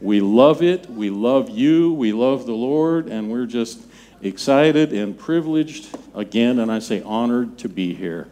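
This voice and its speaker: A man in his seventies, a pastor preaching a sermon in a church, talking in a conversational, halting way with many restarts. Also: mid-range voice, dark tone. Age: 70s. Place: church sanctuary.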